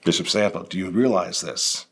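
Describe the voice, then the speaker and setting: A man's voice: deep voice, normal speed, fairly bright tone, breathy edge. A male commentary host speaking indignantly, firing rhetorical questions straight at a bishop. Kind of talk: impassioned commentary.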